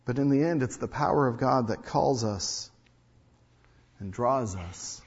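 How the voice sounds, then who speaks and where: A man preaching a sermon as pastor, reading scripture aloud and repeating key phrases, swinging from quiet to loud. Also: mid-range voice, unhurried, slightly rough. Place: church sanctuary. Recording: long reverb, dull lo-fi sound.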